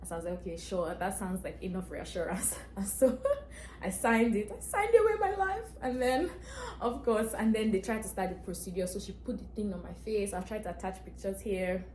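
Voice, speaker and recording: A woman's voice: mid-range voice, normal speed, a little mellow, slight background noise. Young female vlogger, chatty storyteller who laughs a lot, recorded in a reverberant room. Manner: chatty, laughs often, acts out dialogue. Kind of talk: casual storytelling to camera. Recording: echoey room, faint ambience.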